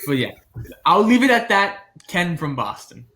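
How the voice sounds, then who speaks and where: A man in his twenties, co-hosting a podcast, telling a story in animated casual chat and acting out the people in it. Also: high-pitched, normal speed, reverberant. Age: 20s. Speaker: podcast co-host.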